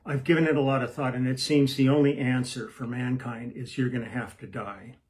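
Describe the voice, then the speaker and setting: A man's voice: mid-range voice, fairly even intonation, brisk, darkish tone, slight background noise, close to an everyday voice. A man voicing God as a solemn, kindly male deity in a spoken joke.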